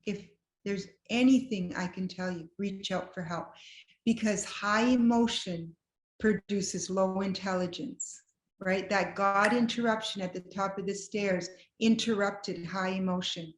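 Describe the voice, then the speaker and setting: A woman guest telling a personal story with lively, self-deprecating humor, acting out what people said. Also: medium pitch, a little slow. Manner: acts out quoted dialogue. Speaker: guest sharing a personal testimony. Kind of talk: conversational storytelling. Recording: roomy echo.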